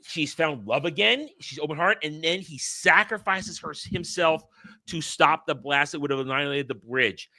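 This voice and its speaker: A man recapping anime with his friend, his voice very bright and forceful. He tells the story with growing excitement and acts out the characters' dialogue as he goes. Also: on the high side, normal speed. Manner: excited, animated retelling that acts out characters' lines. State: choked up. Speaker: podcast host. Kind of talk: casual anime recap chat.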